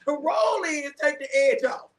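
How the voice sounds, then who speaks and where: Woman minister, high voice, lively storyteller, acts out dialogue, casual chat. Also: a little slow, reverberant. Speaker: minister and show host.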